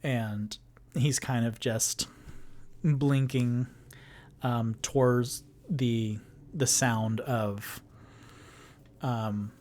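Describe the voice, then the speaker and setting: A man narrating as game master of a solo tabletop game, describing scenes in an unhurried way with many fillers. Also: mid-range voice, fairly even intonation, darkish tone.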